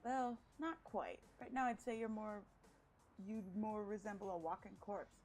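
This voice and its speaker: A woman voicing a smug, theatrical male vampire who speaks slowly and emphatically like a preacher. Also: medium pitch, steady tone, darkish tone, soft background music, lightly acted, low-quality recording. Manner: slow emphatic preacher-like delivery.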